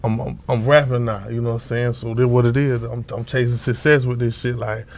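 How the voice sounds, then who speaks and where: A man's voice: mid-range voice, little pitch movement, a little fast, gravelly, darkish tone. A young man from Orlando, a rapper guest, talking loosely in street slang with many fillers and repeated words. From Orlando, Florida. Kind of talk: casual interview talk.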